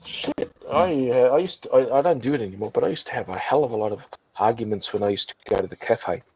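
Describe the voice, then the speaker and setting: A man's voice: mid-range voice, animated, quick pace, a little mellow, a little hiss or hum, rough recording. A drunk man chatting casually as host, rambling with many restarts and swearing. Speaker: channel host. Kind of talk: casual chat on a group voice call.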